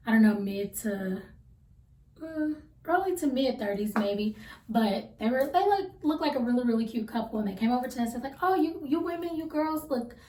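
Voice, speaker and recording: A woman in her thirties chatting casually to camera, telling a rambling story with relaxed slang. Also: fairly high pitch, normal speed, slight background noise. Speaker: vlogger. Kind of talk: casual get-to-know-me chat. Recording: roomy sound from a distance.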